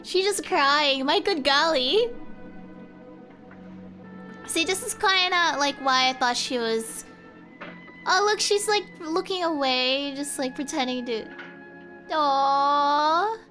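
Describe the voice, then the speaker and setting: A young woman streaming a casual watch-along, excitable and rambling, with frequent gasps. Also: sits high, slow, pauses often, faint music behind.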